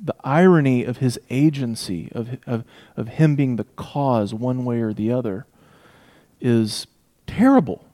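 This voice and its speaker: A man preaching an expository sermon, emphatic, swinging between loud declarations and hushed asides. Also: mid-range voice, a little slow.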